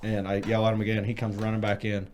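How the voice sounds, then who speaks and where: A man's voice: on the low side, completely flat delivery, fast, darkish tone, a little hiss or hum. A young man in his twenties, a podcast co-host, telling a story in casual chat with lots of swearing and laughter.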